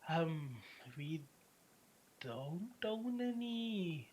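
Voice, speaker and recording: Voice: mid-range voice, sing-song, darkish tone, slight background noise. A game master voicing Irina, a hesitant noblewoman. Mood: measured. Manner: hesitant, many pauses and fillers. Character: young noblewoman, burgomaster's daughter, composed.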